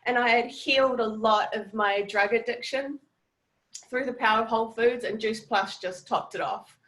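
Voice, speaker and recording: New Zealand woman, heartfelt and gushing, casual swearing, fairly high voice, video call. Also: normal speed, fairly bright tone, low-quality recording. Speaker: network marketing team leader. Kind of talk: emotional testimonial on a group video call.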